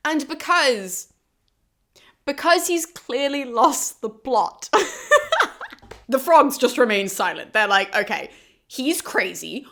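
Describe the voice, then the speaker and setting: A woman hosting a casual summary of an ancient play, chatty and animated and laughing often. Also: high voice. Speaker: host of a classics explainer channel.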